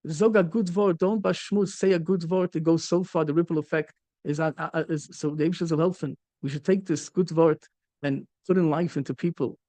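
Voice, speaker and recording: A rabbi delivers a Torah talk and a moral story. His voice sits somewhat high for a man, and he stumbles, repeats and restarts his words. The recording is dry, with no room sound. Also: fairly even intonation, mellow, no room sound. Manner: halting, repeats words, mixes in Yiddish and Hebrew.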